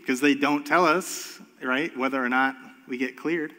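A man's voice: a little high, fairly quick, pushed and bright. A man in his thirties, a pastor, preaching a sermon and telling a story with acted-out voices. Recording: long hall reverb.

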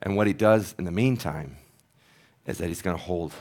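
A man's voice: deep voice, normal speed, a little mellow. A man who is a pastor, preaching a sermon in an earnest, conversational, storytelling manner.

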